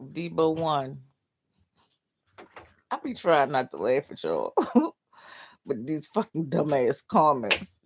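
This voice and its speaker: A woman's voice: deep voice, sing-song, takes it slowly, pauses often, husky. A middle-aged woman hosting a livestream, downcast and heartbroken, reading out comments bluntly with swearing and laughs. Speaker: livestream host.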